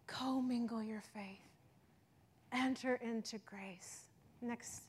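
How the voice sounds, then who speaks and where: A middle-aged woman preaching a sermon with passion, moving from loud exhortation to hushed intensity. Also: a little high, steady tone, takes it slowly, slightly rough. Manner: impassioned, swings from loud exhortation to soft intensity.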